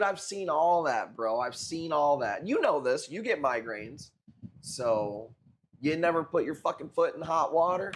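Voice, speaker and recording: A man's voice: a little high, slight background noise. A man in his forties chatting casually on a live stream as a coral seller, laid-back and profane, calling people dude and bro. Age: 40s.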